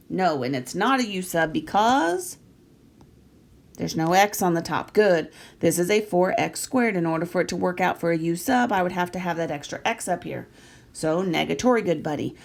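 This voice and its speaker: A middle-aged woman talks through math problems like a friendly teacher, joking with her students as she works. Her voice sits fairly low, with a gravelly fry running through it. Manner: chatty and jokey, talks to students as she writes. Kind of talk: recorded lecture, working problems.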